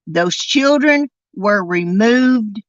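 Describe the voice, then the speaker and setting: A woman hosting a true crime podcast, delivering an indignant, emphatic monologue and drawing out key words slowly. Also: medium pitch, animated, no room sound, muffled recording. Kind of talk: angry commentary monologue.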